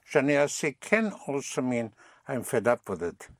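A man's voice: mid-range voice, sing-song, moderate pace, dry recording, studio quality. A man teaching a language lesson, patiently prompting and repeating phrases.

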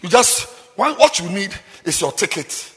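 Brief: male preacher, very high and piercing, lively swooping delivery, long cathedral reverb. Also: normal speed. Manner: forceful, repeats rhetorical questions, bursts into shouts. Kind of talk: sermon. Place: large cathedral.

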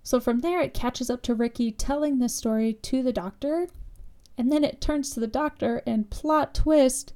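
A woman's voice: high voice, moderate pace, mellow. A woman co-hosting a podcast, casually and sarcastically recapping a horror movie with lots of fillers. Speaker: podcast co-host.

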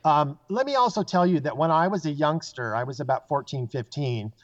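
A man's voice: on the high side, a little fast. A man, a psychic guest, telling stories casually and acting out the voices of the people in them. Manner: animated storyteller, acts out quoted voices. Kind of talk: casual storytelling. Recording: dull lo-fi sound.

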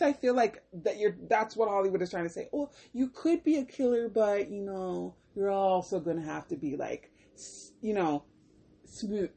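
A woman talks through a casual film review as a rant, exasperated and emphatic. Her husky voice leaps up and drops low as she fires off rhetorical questions. The delivery stays loose and conversational, heavy with disbelief. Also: darkish tone.

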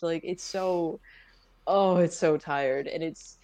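A woman's voice: deep voice, slow, a little mellow. A woman in casual chat, speaking in a slangy, sarcastic way.

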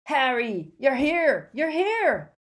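A woman voicing a giant bearded gamekeeper who talks loudly in clipped, rough dialect. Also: medium pitch, expressive, measured pace, natural voice. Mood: excited. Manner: loud, clipped dialect speech.

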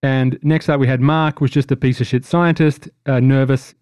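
A man's voice: mid-range voice, fairly even intonation, moderate pace, darkish tone, clean tone, dry recording. Dry-voiced teasing male game master. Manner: jokey, teasing, rambling. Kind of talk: casual podcast recap chat.

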